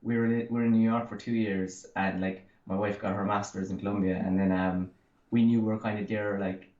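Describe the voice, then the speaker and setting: A man's voice: on the low side, level tone, fairly quick, a little mellow. A man in his thirties from Cork with an Irish accent, chatting loosely as an interview guest over a video call, full of fillers. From Ireland. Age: 30s. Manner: rambling, full of fillers and likes. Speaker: guest artist. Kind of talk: casual chat. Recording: echoey, dull video call audio.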